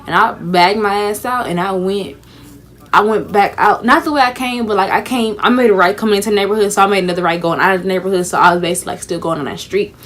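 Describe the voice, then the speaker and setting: A young woman with features, telling a casual storytime vlog in a chatty, animated way, sounding tired. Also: mid-range voice, fast talker. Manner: chatty, animated storytelling with frequent fillers and asides. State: tired, sleepy. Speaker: vlogger.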